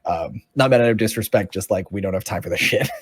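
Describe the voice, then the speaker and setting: A man's voice: fairly low pitch, quick pace, breathy edge, no echo. A man narrating as dungeon master in a casual, rambling way with many fillers. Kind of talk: narrating a tabletop game.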